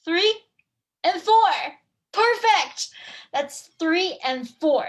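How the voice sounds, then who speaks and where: A woman teaching over a video call, lively and hands-on, humming examples and quizzing her listeners as she goes. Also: very high-pitched, takes it slowly. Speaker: language teacher and online course presenter. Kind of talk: live webinar talk with demonstration.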